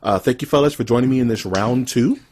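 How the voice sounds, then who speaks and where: Husky-voiced podcast host, casual and joking. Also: male voice, medium pitch, fast talker, darkish tone. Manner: upbeat, joking, plays up his lines. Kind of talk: casual chat.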